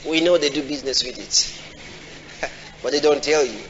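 A man preaching a sermon, often asking the congregation questions and acting out quoted voices in a high pitch. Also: a little slow, a bit bright, a little hiss or hum. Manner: call-and-response questions to the congregation. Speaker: pastor. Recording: dull audio in a large reverberant hall.

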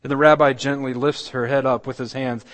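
A man preaching a sermon, retelling a scripture story dramatically and dropping his voice to a near hush. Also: medium pitch, little pitch movement, a little fast, big-room sound. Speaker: pastor. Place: church.

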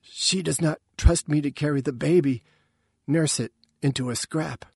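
A man voicing an anxious female alien with fur and a pouch, raising his voice slightly and speaking softly and hesitantly. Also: a little high, moderate pace, creaky, husky, dry recording, studio quality, voice pushed up. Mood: hurt. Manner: worried, hesitant, soft-spoken.

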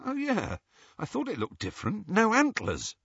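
A man voicing a blunt, awkward young man who talks loudly and haltingly. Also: sits high, wildly swooping pitch, vocal fry, husky, no room sound, lo-fi sound, pitched above the performer's own voice, full character voice.

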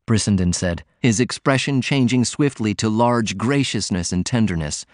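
A man narrating an audiobook in a measured, steady reading voice. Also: sits low, dry recording, clean studio sound.

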